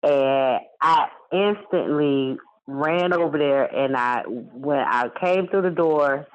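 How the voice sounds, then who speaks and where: A woman's voice: low voice, takes it slowly. A woman telling a personal story in conversation, rambling, repeating herself and using many fillers. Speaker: guest. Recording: dull lo-fi sound.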